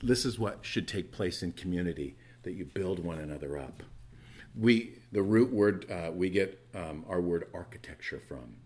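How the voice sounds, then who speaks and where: A pastor with a low, husky voice and lively intonation preaches at normal speed. Earnest and conversational, he stumbles over restarts and veers from loud emphasis to quiet asides.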